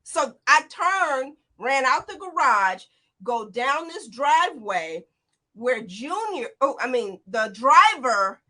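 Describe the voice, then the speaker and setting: A woman in her forties, a guest in an interview, retelling a frightening escape in an animated, tumbling way, full of quoted dialogue. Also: high voice, slow. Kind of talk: emotional personal account.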